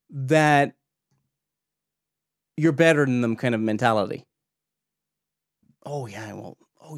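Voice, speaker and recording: A man hosting a podcast, giving pointed, animated critical commentary with rhetorical questions. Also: mid-range voice, no echo, clean studio sound. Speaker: podcast host reviewing a preacher's clips.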